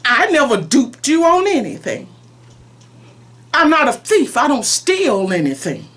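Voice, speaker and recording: A woman preacher delivering a prophetic message spoken in God's voice, pleading and emphatic, shifting between soft and forceful. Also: high-pitched, wildly swooping pitch, measured pace.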